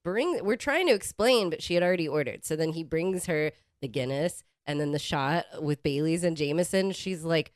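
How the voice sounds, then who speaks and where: A woman co-hosting a podcast in casual chat, chatty and quick to laugh, acting out what people said. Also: deep voice, expressive, dry recording, clean studio sound. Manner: chatty, laughs often, acts out quotes. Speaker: podcast co-host.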